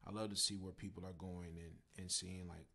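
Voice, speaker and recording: A man's voice: deep voice, flat delivery, brisk, creaky, pushed and bright. A man, a pastor and musician, telling a personal story in a conversational way, repeating himself for emphasis. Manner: conversational, with fillers and repeated phrases.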